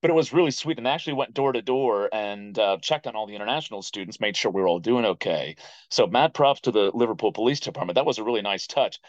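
An American man in his thirties tells stories as a podcast guest. He is animated and likes to act out what other people said. His voice sits fairly low, and the recording is dry and a little dull. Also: fast talker, dry recording. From United States. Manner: animated storyteller who acts out quoted voices. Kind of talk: casual interview storytelling.

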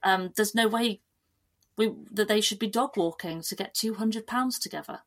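A woman guest on a podcast, chatting casually in a lively, animated way with frequent restarts. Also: mid-range voice, moderate pace. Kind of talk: casual chat.

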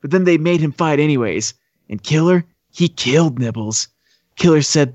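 A man's voice: mid-range voice, moderate pace, a little mellow, dry recording, muffled recording. A man co-hosting a podcast, recapping a film in a rambling, casual way. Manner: rambling storyteller, acts out quotes. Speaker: podcast co-host.

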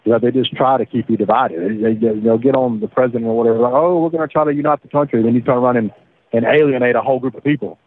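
A man, recounting his past in a halting way with repeated words, over the phone. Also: medium pitch. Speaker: interviewee, former defendant. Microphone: phone line. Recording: tinny phone line.

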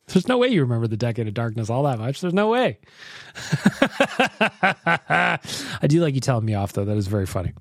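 A man's voice: medium pitch, fast, dry recording. A man with an everyday mid-range voice hosts a casual chat podcast in a jokey, upbeat way, laughing easily. The sound is close and dry. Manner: jokey, laughs often, lively. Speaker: podcast host. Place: Edmonton.

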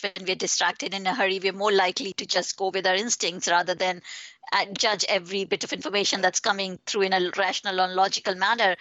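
A woman's voice: medium pitch, pushed and bright, no room sound, highs cut off. A woman author answering interview questions in an earnest, reflective way, building her points step by step.

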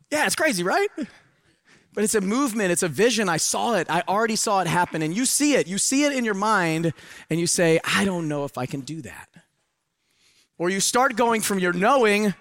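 A middle-aged man speaking at a live seminar with a high, bright and forceful voice. He preaches with energy and drops into hushed asides between loud urging. The sound is dry and close. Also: dry recording. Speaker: motivational speaker. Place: event hall with a live audience.

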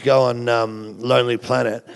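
A man's voice: medium pitch, level tone, moderate pace, gravelly, clear, resonant tone. An Australian man, a guest comedian, telling rambling, profane stories in casual podcast talk and laughing through them.

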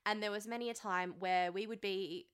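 A woman's voice: medium pitch, fairly even intonation, moderate pace, clear, resonant tone. A woman co-hosting a podcast in casual chat, frank and supportive. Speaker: podcast co-host.

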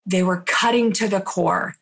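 Woman, interview guest, emotional personal story, repetitive phrasing, slows for emphasis, average pitch. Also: steady tone, vocal fry, a bit bright.

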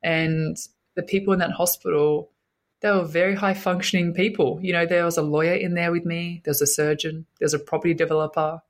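A woman's voice: on the low side, steady tone, fairly quick. A woman, a guest telling her own story in an interview, earnest and emotional, often repeating her words.

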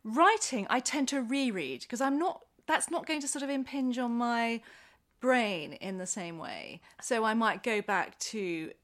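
Speaking a little slowly in a voice on the high side, a middle-aged woman author chats casually as a guest. She's an animated storyteller who laughs frequently and keeps restarting her thoughts.

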